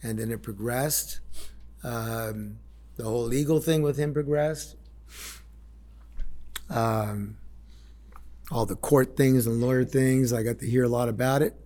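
A man's voice: mid-range voice, fairly even intonation, a little slow, pauses often, dark tone. A middle-aged man candidly telling a raw personal recovery story, blunt and unpolished, acting out what people said. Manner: blunt, raw storytelling with swearing and reenacted quotes. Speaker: speaker sharing a recovery story.

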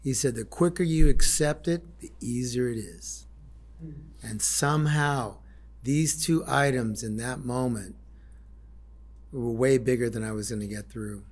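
A middle-aged man with a medium-pitched voice speaks a little slowly as he shares his recovery story. He's blunt and unpolished, swearing freely and reenacting what people said to him.

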